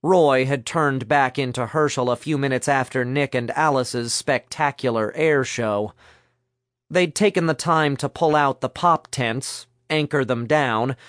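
A male narrator reads a story in a measured, steady voice. He speaks unhurriedly and keeps an even tone. The recording is dry and close. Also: medium pitch, no room sound. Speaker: audiobook narrator. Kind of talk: scripted narration.

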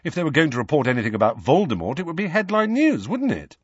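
Male narrator voices a defensive, incredulous teen boy; lively delivery, dry recording. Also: mid-range voice, moderate pace, breathy edge, no echo, highs cut off, voice pushed up. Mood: disbelieving. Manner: disbelieving, defensive.

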